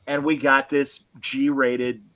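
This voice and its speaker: A man's voice: mid-range voice, little pitch movement, slow pace, a bit bright, no room sound. A man co-hosting a casual film review chat, talking emphatically and restarting his sentences often. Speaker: podcast co-host.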